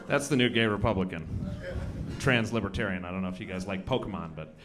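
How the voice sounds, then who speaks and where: A man's voice: low-pitched, quick pace, background noise. A man doing a live stand-up set in a comedy club, swearing freely and talking to the crowd in rhetorical asides. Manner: profane, conversational, rhetorical asides. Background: audience laughter.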